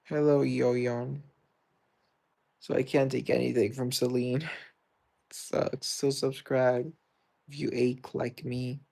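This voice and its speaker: A man's voice: mid-range voice, gravelly, darkish tone. A man with a British accent, streaming a game and chatting loosely with viewers, answering their comments as he plays. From Britain. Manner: rambling, reads and answers viewer comments aloud. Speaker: livestreamer. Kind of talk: casual livestream chat while gaming.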